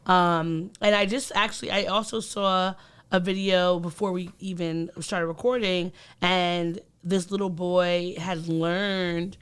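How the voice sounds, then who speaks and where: A woman's voice: lowish voice, fairly even intonation, slow pace, clean tone. A woman co-hosting a podcast, talking in an earnest, reflective way with many ums and likes. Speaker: podcast co-host. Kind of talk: casual podcast chat.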